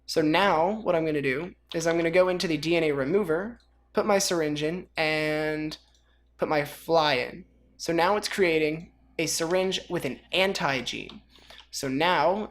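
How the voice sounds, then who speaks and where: A woman with a notably deep voice hosts a relaxed game tutorial. She rambles through the steps with offhand, self-mocking humor. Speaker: gaming video host. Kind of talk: casual mod tutorial commentary.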